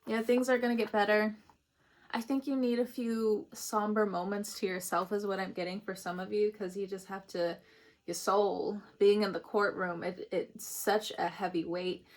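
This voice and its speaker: A woman's voice: medium pitch, little pitch movement, moderate pace. Chatty, laughing woman tarot reader. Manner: chatty, laughs often, emotional asides. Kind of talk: casual spiritual reading.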